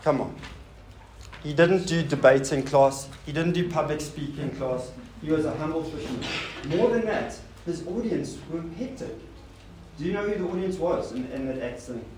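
A man with a slightly high voice preaches a sermon to a congregation at a normal speed, asking rhetorical questions and tossing casual asides to his listeners. The recording has a roomy hall sound and faint noise.

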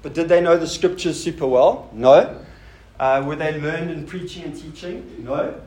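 A man's voice: fairly high pitch, moderate pace, darkish tone. A man preaching a sermon to a congregation. He asks rhetorical questions and makes casual asides to the listeners. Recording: roomy hall sound with faint noise.

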